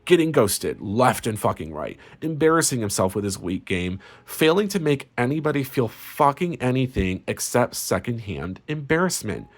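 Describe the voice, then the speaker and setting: A man's voice: medium pitch, sing-song, normal speed, hardly any pauses. Crude, spiteful male tarot reader. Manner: crude, sarcastic, gleefully spiteful. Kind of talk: casual tarot reading.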